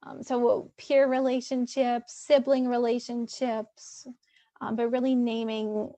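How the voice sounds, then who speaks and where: Slightly high, gravelly woman therapist. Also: flat delivery, takes it slowly, dark tone, no room sound. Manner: conversational, many fillers and restarts. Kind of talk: webinar presentation.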